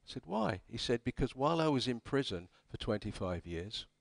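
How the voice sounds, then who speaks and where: A man's voice: medium pitch, expressive, brisk, no room sound. A man giving a conference talk, telling history as wry anecdotes and acting out the quoted dialogue. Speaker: conference speaker. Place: conference hall.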